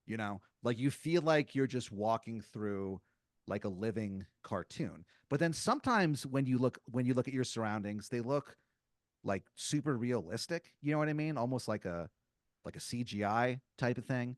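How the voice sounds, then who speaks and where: A man's voice: medium pitch, animated, normal speed, no echo, studio quality. Rambling man telling an improvised story. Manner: rambling, full of "like". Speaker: podcast co-host.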